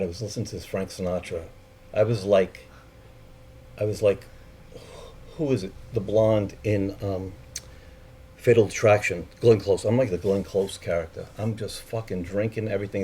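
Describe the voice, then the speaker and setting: A man's voice: lowish voice, dark tone, husky. A man telling a personal story in a candid, profane way, acting out the voices of the people in it.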